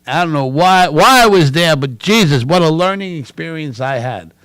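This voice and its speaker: A man from New City, co-hosting a casual chat and telling lively family stories. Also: a little high, moderate pace, clean tone, no echo. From New York City. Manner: animated, loud storyteller. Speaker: co-host.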